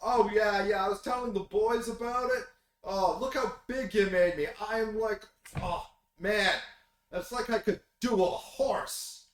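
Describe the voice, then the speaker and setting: A man voicing a smarmy, glad-handing male radio pundit who talks loudly and gushes. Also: high voice, unhurried, voice pushed up. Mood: gushing. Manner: loud, gushing, backslapping. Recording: roomy, distant mic, faint noise.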